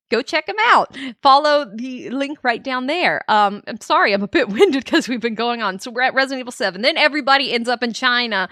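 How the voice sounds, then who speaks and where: A woman streamer giving a casual, rambling, animated recap of a game series, full of fillers and asides. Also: a little high, brisk, no echo, clean studio sound.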